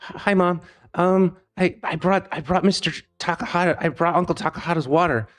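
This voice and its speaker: A man's voice: sits high, brisk, voice pushed up, natural voice. A man doing a stammering, flustered young boy. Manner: stuttering, flustered.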